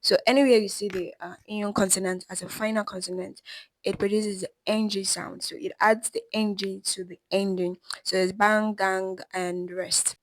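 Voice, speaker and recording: A woman teaching a pronunciation lesson, pausing to say each example word slowly and carefully. Her voice sits at an ordinary middle pitch. It is recorded close and dry, with no room sound around it. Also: steady tone, no echo, low-quality recording. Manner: slows down to sound out example words. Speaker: language teacher. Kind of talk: explanatory lesson.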